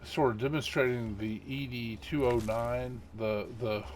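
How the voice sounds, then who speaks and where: A man's voice: medium pitch, fairly even intonation, measured pace, slight background noise. Middle-aged guy rambling over his gameplay, lots of ums, faint game sounds behind. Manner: rambling, chuckling, many fillers. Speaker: gaming channel host. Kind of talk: casual gameplay commentary.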